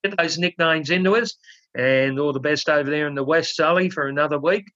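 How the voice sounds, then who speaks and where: A man's voice: on the high side, fairly quick, fairly bright tone, no echo. A man co-hosting a podcast, telling a long joke in a rambling, casual way, then signing off. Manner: rambling storyteller with fillers. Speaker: podcast co-host. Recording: dull dry lo-fi.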